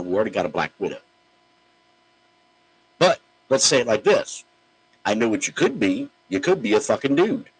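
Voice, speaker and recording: A man with a very deep, husky voice rants on his podcast, blunt and profane. His delivery swings up and down with lively pitch as he mocks his targets. The tone stays gruff and opinionated. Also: poor audio. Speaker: podcast host.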